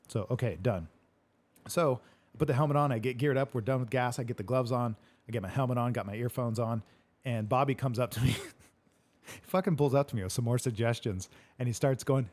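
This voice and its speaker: Fast-paced male podcast host, casual and profane, animated retelling. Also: medium pitch. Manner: swears a lot, retells arguments animatedly. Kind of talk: casual chat.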